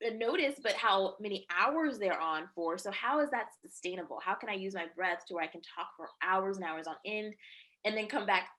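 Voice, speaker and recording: A woman who works as a TV reporter and anchor, talking as a guest in a casual interview, articulate and lively and quick to laugh. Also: medium pitch.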